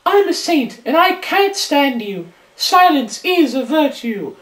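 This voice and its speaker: A man's voice: very high voice, very animated, takes it slowly, fairly bright tone, echoey room, voice pushed up, full character voice, poor audio. A teenage boy putting on the voice of a prim, haughty female saint, lofty and scornful. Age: teens.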